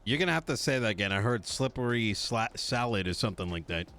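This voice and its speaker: A man's voice: lowish voice, lively intonation, quick pace, a bit bright. A man chatting casually in character during a roleplay stream, often asking "you know what I mean".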